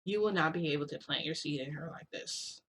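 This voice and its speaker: A woman voicing a cold, scheming male doctor in a told story, speaking calmly and commandingly. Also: deep voice, fairly quick, a little hiss or hum.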